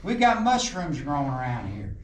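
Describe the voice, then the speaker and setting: A man's voice: mid-range voice, sing-song, normal speed. A middle-aged man, leading a coal mine tour, who jokes with the group and tells folksy stories. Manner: folksy joking storyteller, quizzes the group. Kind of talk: guided tour talk to a group. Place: underground mine tunnel. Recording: echoey underground, voice from a distance, some noise.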